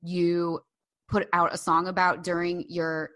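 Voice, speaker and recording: A woman co-hosts a casual podcast, chatting in an animated, gossipy way. Her voice sits somewhat low, and she scatters "like" through her sentences. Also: a little slow. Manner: chatty, animated, frequent "like" fillers. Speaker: podcast co-host. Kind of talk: casual chat.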